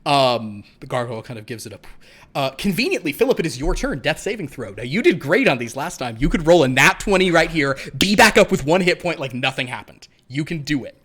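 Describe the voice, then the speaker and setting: A man's voice: on the high side, big pitch swings, brisk, fairly bright tone. A man narrating a horror tabletop game as game master, rambling with many fillers and restarts.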